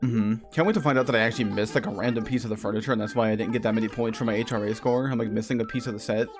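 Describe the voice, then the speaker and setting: Rambling live-stream gamer, mid pitch, chatty, faint background music. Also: fairly even intonation, racing. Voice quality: rambling, chatty, self-correcting. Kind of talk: casual live-stream commentary over gameplay.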